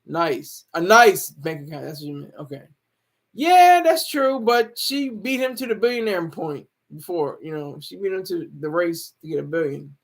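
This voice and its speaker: A man with a high voice hosts a loose, joking livestream from home. He laughs often and answers viewer comments as they come in. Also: animated, moderate pace. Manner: joking, laughs often, reads chat aloud. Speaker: livestream host.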